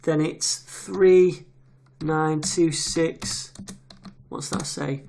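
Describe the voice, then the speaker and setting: Easygoing male tutor voicing a screen recording, relaxed and chatty, keyboard clicks underneath. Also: a little high, drawn-out words, creaky. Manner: casual, chatty, reads details aloud while typing. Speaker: web development tutor. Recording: audible keyboard typing noise. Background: keyboard clicks and typing.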